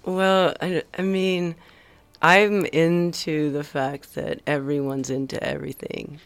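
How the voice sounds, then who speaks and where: A woman's voice: deep voice, flat delivery, vocal fry, clean tone, dry recording. A middle-aged woman with a Valley girl accent, a musician guest in a casual radio interview, talking in a drifting, hesitant way. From the San Fernando Valley, California. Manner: slow, drifting, hesitant with many ums and soft trailing asides.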